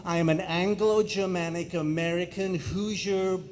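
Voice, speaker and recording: A middle-aged man from England giving an animated talk to an audience in a school hall, joking and asking them questions. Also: high voice, normal speed, slight background noise. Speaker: speaker. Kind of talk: energetic public talk. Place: school auditorium.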